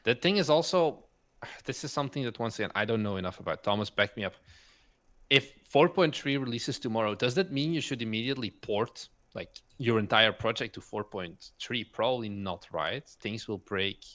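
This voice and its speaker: A man's voice: lowish voice, lively intonation, fairly bright tone. A man co-hosting a casual game development podcast chat, filling his talk with "like" and "basically". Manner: quick, with lots of "like" and "basically". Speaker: co-host.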